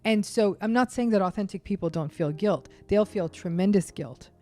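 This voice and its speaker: A woman guest expert explaining narcissism in an interview, speaking emphatically and acting out quick quoted asides. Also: mid-range voice, mellow. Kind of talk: interview conversation.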